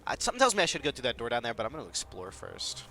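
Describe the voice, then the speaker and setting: A man's voice: mid-range voice, wildly swooping pitch, rapid-fire, bright, forceful tone, a little hiss or hum. A man playing a game while chatting with a friend, joking and swearing casually. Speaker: player. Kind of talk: casual gaming commentary.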